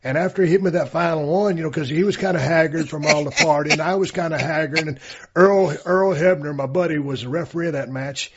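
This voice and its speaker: A man's voice: a little high, brisk, background noise. A man telling a story in casual chat, in a laid-back, drawling way. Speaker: podcast co-host. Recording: dull lo-fi sound.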